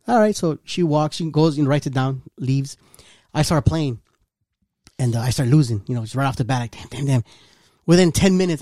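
A man's voice: mid-range voice, dry recording, clean studio sound. A man telling a long, funny anecdote in casual chat with friends, acting out what people said. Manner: animated storytelling, acting out quotes. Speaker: storyteller in a group chat.

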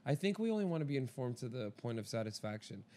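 A young man from Canada in casual chat, talking loosely and excitably with plenty of swearing. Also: medium pitch, fast.

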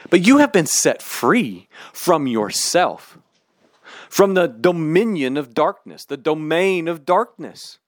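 Animated slow-preaching man. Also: on the high side, no echo, studio quality. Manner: animated, emphatic, candid. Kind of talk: sermon.

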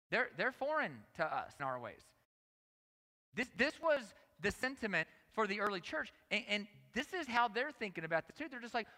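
Man, conference preacher, high and bright, emphatic and repetitive, long hall reverb. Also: very animated, brisk. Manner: emphatic, repeats phrases, talks to the audience directly. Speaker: conference speaker. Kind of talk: energetic sermon.

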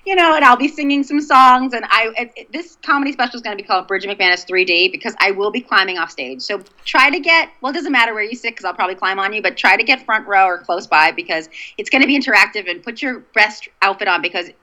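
A woman comedian with a Boston accent, chatting casually on a podcast over a video call and joking in a bawdy, animated way. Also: medium pitch, fast, hardly any pauses, dull audio. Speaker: comedian guest.

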